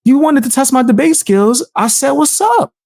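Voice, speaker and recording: A man's voice: very high voice, moderate pace, darkish tone, dry recording, studio quality. A man streaming live, reacting to a video with profane, mocking commentary. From United States.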